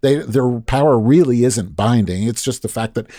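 A man's voice: mid-range voice, normal speed, warm tone, no room sound, clean studio sound. A man co-hosting a podcast, delivering a heated, profane rant in casual chat. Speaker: podcast co-host.

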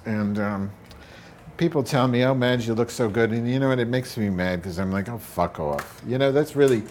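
A man's voice: medium pitch, a little mellow, a little hiss or hum. A man rambling through a crude, self-mocking monologue from a home bathroom.

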